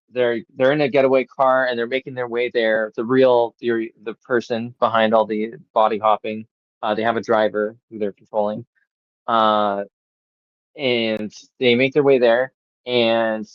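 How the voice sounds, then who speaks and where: A man's voice: mid-range voice, no room sound, lo-fi sound. A man hosting a podcast, reviewing a movie in casual chat, rambling with lots of fillers and swearing. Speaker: podcast host.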